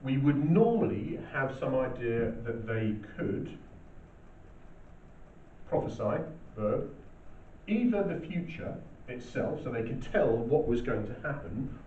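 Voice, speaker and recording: A man's voice: mid-range voice, expressive, takes it slowly, pauses often, warm tone. An English man teaching a school lesson, explaining step by step and often checking with "okay?". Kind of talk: classroom lesson. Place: classroom. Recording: distant, dull, roomy with faint hiss.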